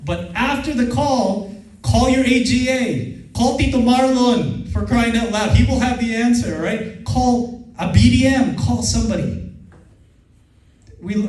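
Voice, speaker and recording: A fairly high-voiced man from the Philippines, a native Filipino speaker, gives an energetic motivational seminar and gets the audience to repeat his lines. His voice rings through a very echoey hall, picked up from some distance. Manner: energetic, laughs often, leads the crowd in repeating lines. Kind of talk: motivational seminar talk with call-and-response. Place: large event hall with a live audience. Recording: echoey hall, voice far from the mic.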